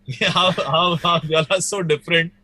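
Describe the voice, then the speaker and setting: A man's voice: fairly high pitch, fairly even intonation, moderate pace, pushed and bright, a little hiss or hum. A young man, a musician talking casually in an interview, rambling with restarts and fillers. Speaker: guest musician.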